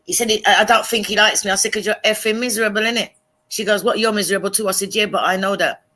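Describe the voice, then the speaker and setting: A woman recounts a story on a live stream in lively, casual chat, voicing the people she quotes. Her voice is mid-range and her pace fast.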